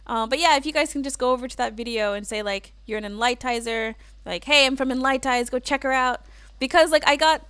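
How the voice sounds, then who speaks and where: An American woman hosts a casual livestream, chatting and giggling while reading viewer comments with frequent "like" and "um." Her voice is a little high and a bit bright, and the recording is dry.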